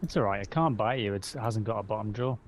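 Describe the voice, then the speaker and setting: A man playing a tabletop game, describing his character's moves in halting speech with many fillers. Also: lowish voice, background noise. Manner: halting, filler-heavy storytelling.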